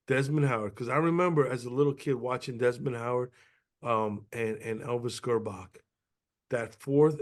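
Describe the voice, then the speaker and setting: A man co-hosting a casual sports podcast, talking in a rambling, sentimental way with many restarts. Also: mid-range voice. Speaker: podcast co-host.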